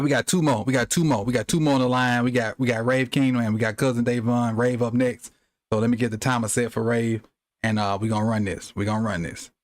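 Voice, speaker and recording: A man's voice: mid-range voice, no room sound, studio quality. A man hosting a sports call-in show, joking in a laid-back, casual way. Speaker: host.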